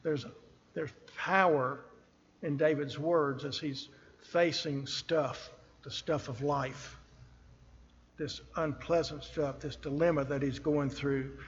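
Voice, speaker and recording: Slow, earnest male preacher in a reverberant church. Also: on the high side, steady tone, highs cut off, a little hiss or hum. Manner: earnest, slow and emphatic, rising on scripture. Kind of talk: sermon. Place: church sanctuary at a pulpit.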